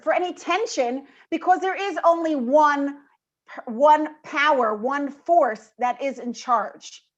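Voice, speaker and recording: A woman with a high voice leads a women's panel, talking informally and animatedly about Torah ideas. The audio has the dull, lo-fi sound of a video call. She tells her points like a storyteller. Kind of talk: informal Torah talk with a joke.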